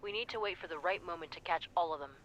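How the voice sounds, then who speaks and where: An actor playing a calm, protective captain of a hunters' group in a video game, speaking in a steady, reassuring way. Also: medium pitch, fast, a little hiss or hum, close to an everyday voice. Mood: concerned.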